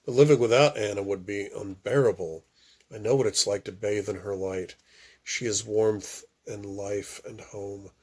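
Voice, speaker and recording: A man reading a first-person novel aloud, with occasional stumbles and restarts and phrases that drop off softly. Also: fairly low pitch, fairly even intonation, moderate pace, breathy edge. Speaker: audiobook reader.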